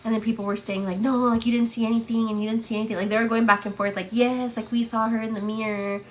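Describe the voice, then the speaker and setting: A young woman hosting a morning livestream, telling a personal story in casual chat, full of "like" and "girl", acting out quotes in a higher voice. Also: brisk, slight background noise. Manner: chatty, many fillers, acts out quotes with high excited pitch. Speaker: livestream host.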